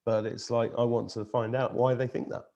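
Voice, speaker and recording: A middle-aged man hosting a casual chat over a video call, easygoing and unhurried. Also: mid-range voice, little pitch movement, vocal fry, mellow, dull audio. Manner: easygoing, unhurried, lots of "you know". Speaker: host.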